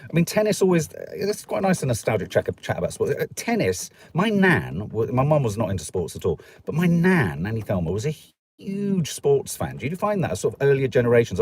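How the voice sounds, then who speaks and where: Husky and a little mellow in the mid-range, a middle-aged Stoke man from England hosts a live stream. He reads out viewer comments in a chatty, rambling, jokey way, adopting voices for the people he quotes.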